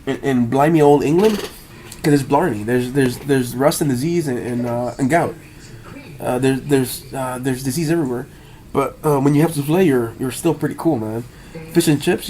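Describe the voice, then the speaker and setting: A man's voice: on the high side, darkish tone. A man in a rambling, improvised monologue, stammering, repeating words, free-associating with word play and swearing.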